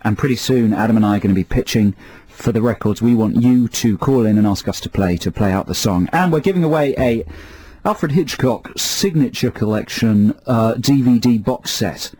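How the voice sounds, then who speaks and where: A man's voice: medium pitch, normal speed, darkish tone, husky, rough recording. A man co-hosting a radio show, chatting drily and reading out listener texts. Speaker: radio co-host. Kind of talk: casual radio chat.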